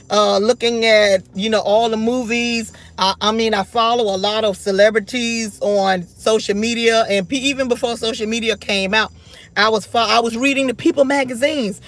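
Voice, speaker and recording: A woman's voice: a little high, fairly bright tone. A woman in her forties talking straight to camera in an unscripted rant, blunt, defiant and emphatic. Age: 40s. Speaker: vlogger.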